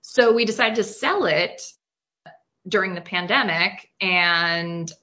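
A woman's voice: on the low side, takes it slowly, pushed and bright. A woman from New York, a guest on an interview, telling a story in a chatty way full of fillers and little laughs. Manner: chatty, lots of fillers, laughs into her lines. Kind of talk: casual anecdote telling.

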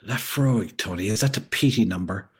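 A man reading a story aloud, voicing an elderly, long-suffering, genteel woman with a raspy voice. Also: lowish voice, moderate pace, voice pushed up. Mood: dry.

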